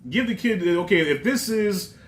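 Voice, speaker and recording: Guy doing a casual movie review vlog, kinda high voice, rambly and cussing a lot. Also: lively intonation, moderate pace. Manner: loose, profane, rambling.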